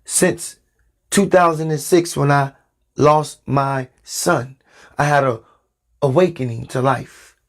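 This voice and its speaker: Slow, deliberate male spiritual preacher. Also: fairly high pitch. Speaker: spiritual podcast host. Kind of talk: spiritual sermon podcast.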